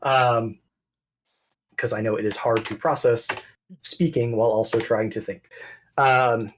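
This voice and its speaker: A man narrating a tabletop game as game master, animated and rambling. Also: medium pitch, unhurried, noisy background. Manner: animated, rambling, self-correcting.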